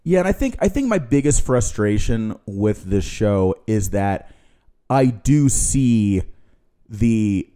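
A man's voice: lowish voice, sing-song, dark tone, clean tone. A man co-hosting a podcast, talking casually but earnestly, weighing what works and what doesn't. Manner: earnest, analytical, measured critique. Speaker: podcast co-host.

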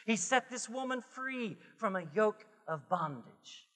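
A male pastor delivers a sermon in a very high, bright, ringing voice, taking his time over every phrase. He drops to hushed tones and then climbs to shouted refrains. The sound carries a long hall reverb from the church sanctuary. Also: animated, a little slow. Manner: preaching, swings from hushed to shouted.

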